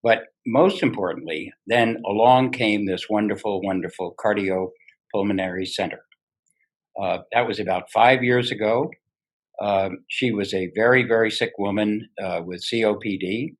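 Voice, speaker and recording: A man gives a hesitant thank-you speech on behalf of his late wife, often pausing on fillers. His voice is fairly low. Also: rough recording. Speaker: honoree's husband.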